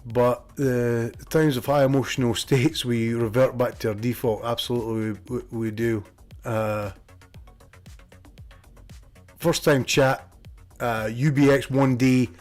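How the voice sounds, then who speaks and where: A man's voice: mid-range voice, steady tone, a little slow, pauses often, a little mellow, faint music behind. A Scottish man streaming from a room at home, chatting in a rambling way and reading his viewers' messages aloud. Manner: rambling, reads chat aloud. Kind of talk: casual chat with viewers.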